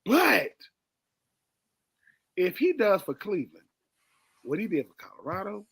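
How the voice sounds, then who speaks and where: A man's voice: sits high, wildly swooping pitch, a little slow, gravelly, fairly bright tone, slightly rough. A man co-hosting a sports radio show, giving emphatic analysis, repeating words for stress and talking straight to his partner. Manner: talks straight to his co-host.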